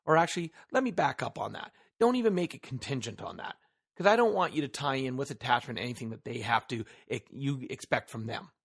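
A man's voice: mid-range voice, lively intonation, brisk, a bit bright, slightly rough. A man hosting a solo motivational podcast who talks earnestly into a microphone, leans hard on key words and asks the listener rhetorical questions. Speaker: podcast host.

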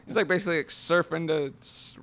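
A man's voice: on the high side, quick pace, a bit bright, smooth. A man in a casual movie chat who agrees a lot and talks with many "like"s. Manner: agreeable, many yeahs and likes.

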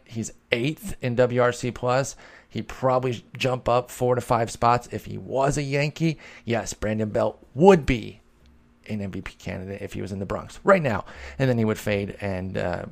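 A man's voice: medium pitch, moderate pace, vocal fry. A man hosting a podcast, answering listener questions in a chatty, analytical way and thinking aloud with fillers. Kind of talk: casual chat.

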